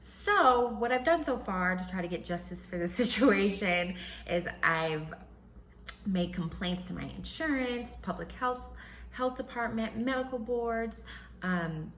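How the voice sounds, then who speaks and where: A woman hosting a podcast, casually telling a personal story and acting out what others said in a higher voice. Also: measured pace, reverberant, a little hiss or hum, low-quality recording. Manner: animated, acts out quotes in a high voice, laughs often. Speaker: podcast host.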